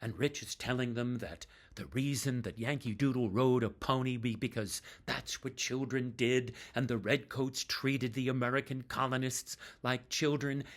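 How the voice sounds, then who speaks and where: A man telling a tribute story about a fellow performer, with slow pauses. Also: medium pitch.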